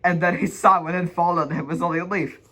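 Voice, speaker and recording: A man's voice: on the high side, fairly even intonation, quick pace, sharp tone, slight background noise. A man reading a children's storybook aloud as an amateur read-along, giggling and stumbling over words. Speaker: reader.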